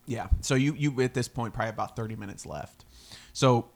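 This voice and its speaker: A man narrating as game master in a tabletop game, relaxed and quick to laugh. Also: medium pitch, gravelly. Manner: relaxed, laughs often, easygoing.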